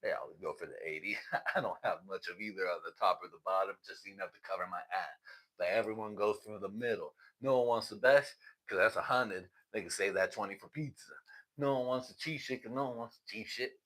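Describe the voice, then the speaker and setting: Man hosting a livestream, low voice, bright edge, swears a lot, laughs often. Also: a little fast. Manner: profane, laughing storyteller. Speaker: livestream host. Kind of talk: casual livestream chat.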